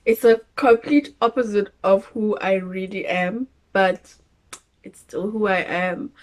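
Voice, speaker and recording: A young South African woman casually telling her birth story, animated and laughing as she acts out moments. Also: mid-range voice, measured pace. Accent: South African English.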